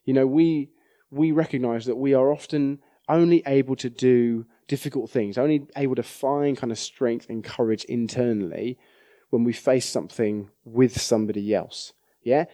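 A man's voice: mid-range voice, warm tone. A man preaching a sermon in a conversational way, often checking in with his listeners.

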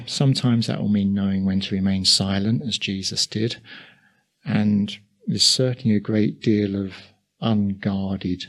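An older man with an Essex accent preaching a sermon, chatty and full of asides. His voice sits low and gravelly, with a husky, slightly rough edge. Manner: conversational, with asides and quick chuckles.

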